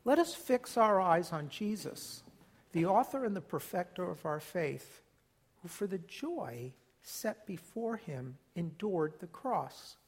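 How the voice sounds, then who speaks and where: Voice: mid-range voice, expressive, takes it slowly, husky. A pastor preaching an emphatic sermon. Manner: emphatic, leads congregation in call-and-response. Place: church.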